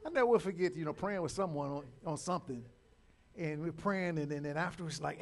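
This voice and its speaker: A man preaching a sermon, repeating words and building to loud calls to his listeners. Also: on the high side, brisk. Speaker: pastor.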